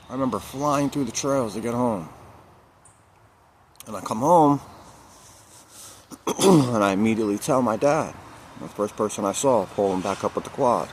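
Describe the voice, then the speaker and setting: A man with a somewhat low voice tells a personal story in a loose, casual vlog manner. He leans on slang and repeats lines for emphasis. Steady background noise and passing vehicle sounds sit under his voice. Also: moderate pace, pauses often. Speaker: vlogger.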